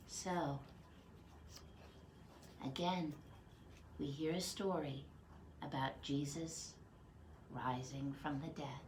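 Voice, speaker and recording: A woman teaching children, telling a Bible story in an expressive way and asking the listeners questions as she goes. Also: deep voice, slight background noise.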